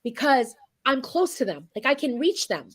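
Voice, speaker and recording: A woman's voice: sits high, very animated, moderate pace, breathy edge. A woman talking as an interview guest, blunt and emphatic, swearing freely as she speaks her mind. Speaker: guest chef and singer. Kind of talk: candid interview talk.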